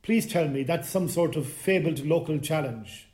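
A man's voice: a little high, normal speed, a little mellow, close to an everyday voice. A man voicing a hardy English woman of about seventy who forms every word precisely. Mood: teasing. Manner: precise, each word cleanly formed. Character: hardy older English woman swimmer, crisp and brisk.

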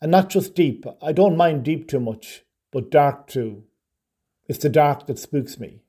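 A man's voice: on the high side, animated, unhurried, warm tone, breathy edge. A man voicing a wary local man who swims the lake, with an easygoing, slightly nervous manner.

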